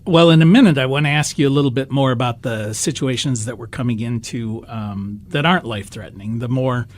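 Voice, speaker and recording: A man's voice: medium pitch, fairly quick. Chatty American man co-hosting a podcast. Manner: chatty storyteller with many restarts. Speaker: podcast co-host. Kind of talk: casual discussion.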